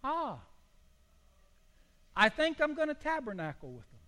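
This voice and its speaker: A man's voice: extremely high pitch, wildly swooping pitch, a little slow, bright, forceful tone. An older man, a pastor, preaching a sermon in a folksy, storytelling way with homely illustrations. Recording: long hall reverb.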